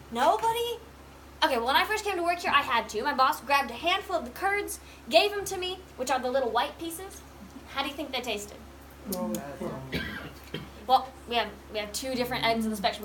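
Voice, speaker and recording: A woman's voice: high voice, a bit bright, a little hiss or hum. A woman leading a guided tour on a cheese farm, chatty and quizzing her group with questions. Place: working cheese farm dairy.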